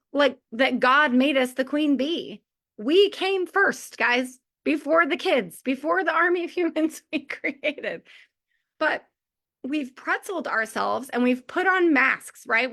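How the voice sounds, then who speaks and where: A woman's voice: sits high, bright, forceful tone. Chatty woman giving a motivational talk. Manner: chatty, lots of filler "like", laughs often. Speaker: mothers' community leader.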